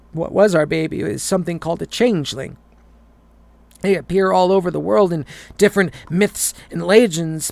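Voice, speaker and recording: A man's voice: on the high side, creaky, darkish tone, dry recording. A man reading a horror story aloud, often stumbling and repeating words.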